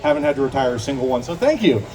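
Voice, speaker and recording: A man with a Pittsburgh accent, a folk singer telling a joke and chatting with a festival crowd between songs, self-deprecating and relaxed. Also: mid-range voice, racing, recorded from a distance, poor audio. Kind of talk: live stage banter and joke telling. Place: outdoor festival stage.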